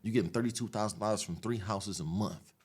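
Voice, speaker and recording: A man from the Los Angeles area, a podcast guest retelling his past in an animated, streetwise, profane way. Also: lowish voice, quick pace, breathy edge. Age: adult, after an 18-year sentence. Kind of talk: casual storytelling interview.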